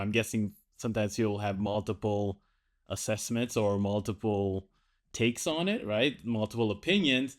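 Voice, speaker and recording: A man's voice: lowish voice, normal speed. A man hosting a podcast, chatty and self-deprecating, who laughs easily. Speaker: podcast host. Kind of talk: casual podcast conversation.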